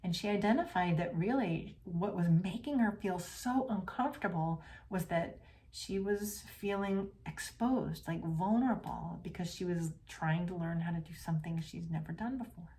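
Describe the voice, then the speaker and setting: Earnest woman podcast host, slightly low. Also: moderate pace, few pauses. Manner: earnest, casual, drops into soft whispers. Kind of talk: reflective podcast monologue. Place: home.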